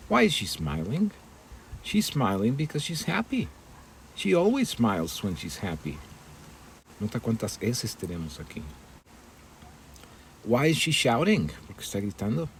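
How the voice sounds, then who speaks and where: A man's voice: lowish voice, a little hiss or hum. A man teaching English in a bilingual lesson, reading example dialogues and translating them into Spanish.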